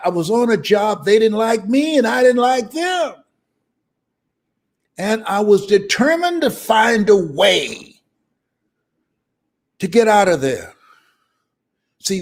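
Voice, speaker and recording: A man's voice: sits high, vocal fry. An older man giving a live motivational speech, emphatic and preacher-like, repeating phrases and breaking into hearty laughs. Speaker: motivational speaker.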